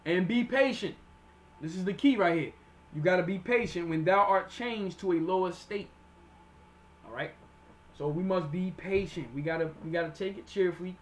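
Man, high voice, sermon teaching, slow verse reading, plain explanations, keeps checking in with listeners. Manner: reads verses slowly then explains in plain street talk; repeats "all right?" to check on listeners.

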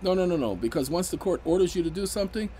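A man's voice: high-pitched, expressive, quick pace, mellow, a little hiss or hum, low-quality recording. A man giving casual, emphatic commentary on legal rights, raising his voice sharply when indignant.

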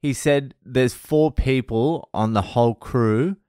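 A man's voice: medium pitch, slow pace, warm tone, smooth, no room sound, studio quality. A middle-aged Australian man telling a rambling story in a casual monologue vlog, blunt and full of swearing. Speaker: vlogger.

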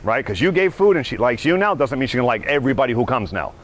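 A male dog trainer teaching a class outdoors, animated and often checking in with "right?". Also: mid-range voice, racing, slight background noise. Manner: animated, acts out dogs' thoughts, keeps asking "right?".

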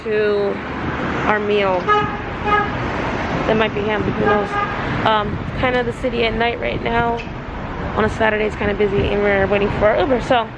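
A woman's voice: mid-range voice, little pitch movement, moderate pace, long pauses, dull audio. A woman travel vlogger chatting casually on camera, rambling with fillers and losing her voice. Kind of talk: casual vlog narration. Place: outdoors on a busy city street and beach. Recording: loud outdoor street noise. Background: loud city traffic and street noise.

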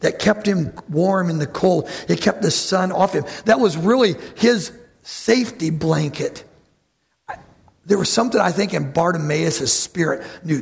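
A man preaching a lively sermon to his church, who acts out the voices of bible figures and calls out to the congregation. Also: sits high, moderate pace, creaky, husky. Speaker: pastor.

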